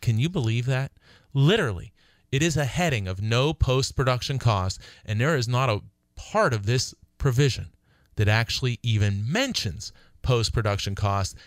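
A middle-aged man hosting a radio show as an attorney, explaining lease terms emphatically and slowing to read contract wording aloud. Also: mid-range voice, sing-song, no echo, clean studio sound.

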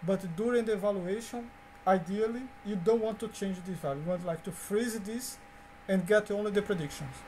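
High-voiced man teaching code, halting. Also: a little mellow, a little hiss or hum. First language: Portuguese. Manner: halting, repeats words, many fillers and restarts. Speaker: course instructor. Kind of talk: coding lecture walkthrough.

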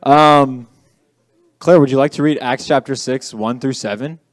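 A man's voice: mid-range voice, measured pace, no echo. Young male youth pastor, casual sermon delivery, self-deprecating, dry close recording. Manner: chatty, self-deprecating, says "okay" often. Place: church youth room.

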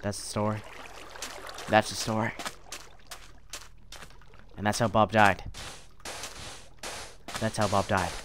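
A man's voice: fairly low pitch, level tone, takes it slowly, long pauses, background noise. A man rambling goofily through let's play commentary, with mild mock curses and silly tangents. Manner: rambling, goofy, mock cursing. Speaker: gaming video creator.

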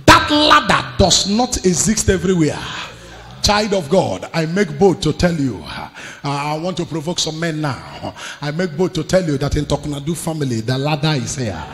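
A man preaching a sermon, emphatic, swinging between hushed lines and shouts. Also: fairly high pitch, very animated, normal speed. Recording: echoey hall with music behind.

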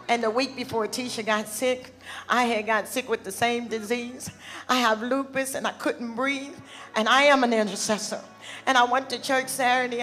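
A woman giving an emotional testimony at a church service, building from quiet telling to shouted thanks. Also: sits high. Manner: emotional storytelling, rising to shouts. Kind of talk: spoken testimony.

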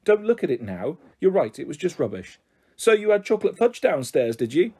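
A man reading a children's novel aloud in a lively, expressive storytelling manner. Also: fairly high pitch, fairly quick, breathy edge. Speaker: audiobook reader.

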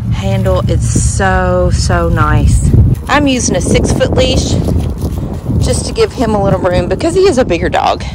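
A woman chatting casually while she walks her dogs through the neighborhood. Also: on the high side. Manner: chatty, praises dogs in a sing-song voice. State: a bit out of breath after sprinting. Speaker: vlogger walking her dogs. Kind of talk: casual chat while walking. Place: outdoors on a neighborhood street. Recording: outdoor background noise.

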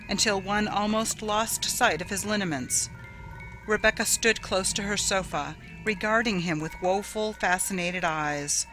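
A woman narrating a ghost story in a dramatic, measured audiobook reading. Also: medium pitch, bright, forceful tone, low-quality recording.

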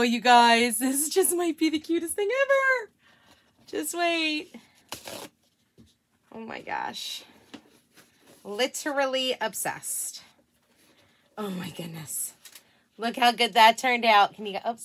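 A woman chatting casually in a craft vlog at home, gushing and excitable as she works. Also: sits high, slight background noise. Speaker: craft vlogger.

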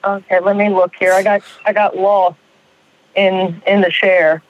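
A woman's voice: mid-range voice, level tone, unhurried, no room sound, lo-fi sound. A woman co-hosting a podcast, gushing and giggly in a casual way.

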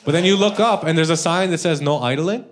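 During a live stand-up comedy set in a club, a man speaks fast in a slightly high voice as the crowd laughs in the background. His delivery is loose and casual, full of tag questions like "all right?" and "you know?"

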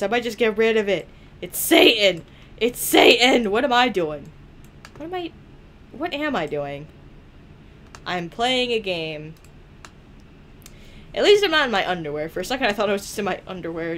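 A woman's voice: medium pitch, sing-song, moderate pace, long pauses, a little hiss or hum. A young woman chatting playfully through a let's play, teasing the characters and laughing often. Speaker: gaming video creator.

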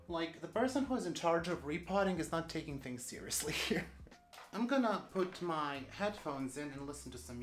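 A chatty vlogger at a mid pitch rambles on while doing plant chores, often talking to themselves. The talk is loose and casual. The room is bare and echoey. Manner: chatty, rambling, talks to self. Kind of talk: casual vlog chat. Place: indoors among plant tents.

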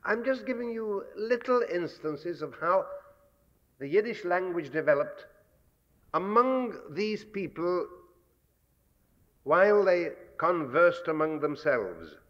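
A man giving a measured, scholarly public lecture, pausing often with fillers. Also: high voice, big pitch swings, fairly bright tone. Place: lecture hall. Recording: dull archival 1960s lecture recording with long hall reverb.

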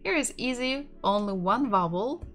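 A woman's voice: a little high, lively intonation, normal speed, a bit bright. A woman from Russia, a native Russian speaker with a Russian accent, teaching a casual online language lesson, repeating words aloud and laughing lightly as she goes.

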